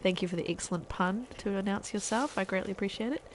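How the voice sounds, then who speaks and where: A woman's voice: medium pitch, fast, poor audio. A woman from New Zealand, a parent, chatting casually with viewers while she streams gameplay. She laughs often and trails off mid-sentence. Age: adult parent.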